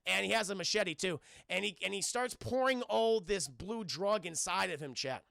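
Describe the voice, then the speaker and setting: Man, streamer recapping a film to chat, very gravelly, sharp bright tone, dry close sound, swears a lot. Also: high-pitched, moderate pace, no room sound. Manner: animated, swearing, addresses chat constantly.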